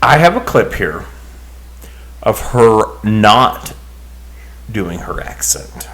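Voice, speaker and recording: A man's voice: lowish voice, very animated, slow pace, fairly bright tone. A man co-hosting a podcast in casual chat, rambling and hesitant, restarting his sentences often. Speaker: podcast co-host.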